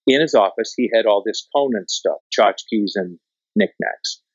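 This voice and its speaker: A man's voice: lowish voice, animated, a little slow, no room sound, highs cut off. A man from Canada, a documentary filmmaker, tells stories casually, swears freely and acts out what people said. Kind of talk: casual storytelling in conversation.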